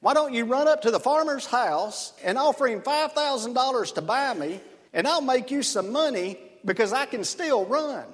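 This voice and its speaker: A man voicing a fed-up male talking racehorse with a wheedling sales pitch, in a long-reverb hall. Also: lively intonation, moderate pace. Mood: scheming.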